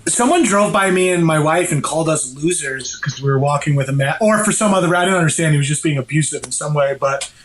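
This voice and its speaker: A male comedian guesting on a podcast, ranting in a wry, profane way. His voice is a bit high for a man. Faint noise sits under the recording. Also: fast talker, a bit bright, poor audio. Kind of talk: casual comedic chat. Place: Los Angeles.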